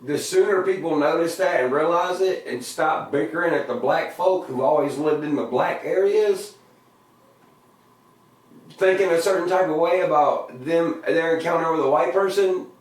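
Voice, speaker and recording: A man's voice: on the high side, normal speed. Profane, laid-back man in an echoey room. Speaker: musician explaining his lyrics. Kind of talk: casual interview talk. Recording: very echoey room, distant mic.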